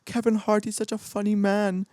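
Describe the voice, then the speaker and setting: A man's voice: high-pitched, completely flat delivery, moderate pace, a little mellow, no room sound, pitched above the performer's own voice, lightly acted. A man voicing a pompous, fussy older studio executive who gushes over his casting ideas. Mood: smug gushing. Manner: pompous, gushing.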